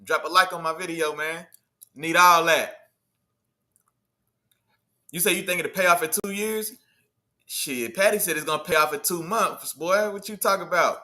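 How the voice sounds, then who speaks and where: Man, high voice, very bright and forceful, slangy sports livestream host, banters with chat. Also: moderate pace, long pauses. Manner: slangy, animated, talks back to chat. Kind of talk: casual sports talk livestream.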